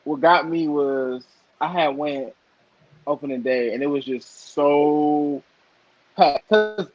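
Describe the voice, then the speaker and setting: A young man from Michigan co-hosting a casual podcast, a lively storyteller who teases playfully. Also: on the high side, takes it slowly, dry recording. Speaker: podcast co-host. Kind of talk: casual chat. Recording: dull lo-fi podcast audio.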